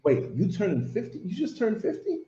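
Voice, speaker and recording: Animated man in his fifties, echoey lo-fi line. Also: high voice, brisk. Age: 50s. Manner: animated storyteller, big bursts of laughter. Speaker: podcast host. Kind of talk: casual chat. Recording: lo-fi echoey call audio.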